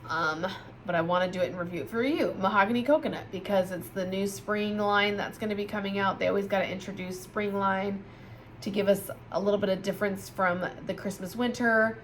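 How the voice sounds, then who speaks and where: Reviewing scented candles for her viewers, a woman chats casually and gushes with enthusiasm despite being tired and yawning. It's a laid-back product review vlog, and her mid-range voice comes with slight background noise.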